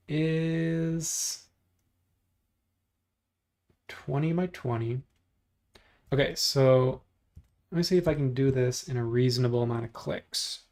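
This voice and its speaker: A man hosts a casual livestream in an unhurried, drawn-out way, muttering measurements and commands as he works. He cracks small jokes and pokes fun at himself between steps, and his pitch sits in an ordinary middle range. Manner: joking, self-deprecating, thinks out loud while clicking. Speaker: livestream host modeling in 3D software. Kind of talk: casual livestream chat while working.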